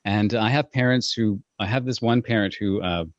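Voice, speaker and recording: A man's voice: lowish voice, normal speed, no room sound. A man working as a parenting coach, talking earnestly in an interview and acting out his own inner voice as he tells stories. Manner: earnest, animated storytelling with acted-out inner voice. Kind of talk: conversational interview. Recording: dull lo-fi dry sound.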